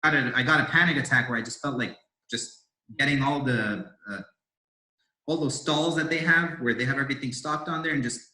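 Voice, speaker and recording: A young Indian man in his twenties, a door-to-door salesman appearing as a podcast guest, tells his story in a rambling, casual way full of fillers and restarts. His mid-range voice is pushed and bright and a little fast, with roomy echo on the recording.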